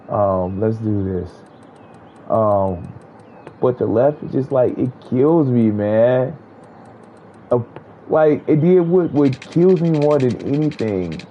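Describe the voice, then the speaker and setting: A man's voice: mid-range voice, lively intonation, slow pace, long pauses, highs cut off, slight background noise. A man streaming a game while he rants in casual commentary, blunt, heated and full of swearing.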